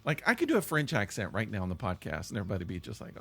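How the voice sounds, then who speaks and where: A middle-aged man co-hosting a podcast in casual chat, rambling and thinking out loud. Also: lowish voice, wildly swooping pitch, racing, creaky, hardly any pauses, breathy edge. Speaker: podcast co-host.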